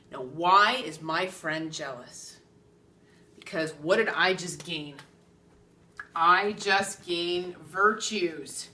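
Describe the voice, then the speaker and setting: Animated woman psychic explaining stuff, bright voice, laughs a lot, keeps saying okay, roomy echo. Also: fairly low pitch, slow pace, distant mic, a little hiss or hum. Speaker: psychic medium. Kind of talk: spiritual teaching talk.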